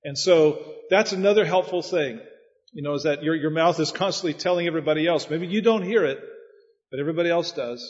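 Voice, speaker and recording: Male pastor telling homey stories from the pulpit, kinda high voice, dull recording. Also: brisk. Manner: folksy, anecdotal, chuckling asides. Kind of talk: preaching talk. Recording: muffled sound with long hall reverb.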